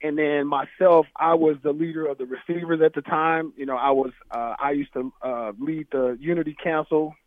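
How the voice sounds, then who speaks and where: A man, a former football player, telling stories from his playing days in a casual, animated chat, laughing and acting out his coach. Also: on the high side, normal speed, hardly any pauses, no room sound. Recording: dry, tinny phone-like sound.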